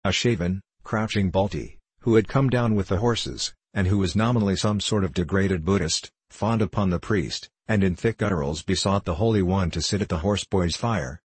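A man narrating a classic novel as an audiobook, in a measured storytelling manner. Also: low-pitched, husky, no echo. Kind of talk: scripted narration.

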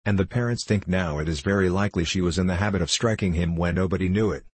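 A man reading an audiobook, voicing a patient mother who speaks in a measured, gently admonishing way. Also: low voice, husky, no echo. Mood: grave.

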